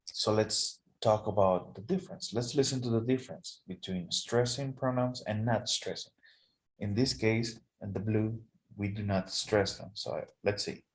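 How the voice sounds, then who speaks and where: A male tutor walks a student through the material, slowly and with many check-ins. His voice sits somewhat low. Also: poor audio. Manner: explains slowly, checks in with okay often. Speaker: English tutor. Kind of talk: online tutoring lesson.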